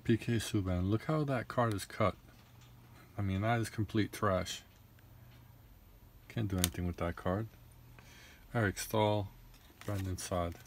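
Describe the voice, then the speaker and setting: A man's voice: lowish voice, measured pace, long pauses, slight background noise. A young man casually opening trading card packs, rattling off names and grumbling in frustration.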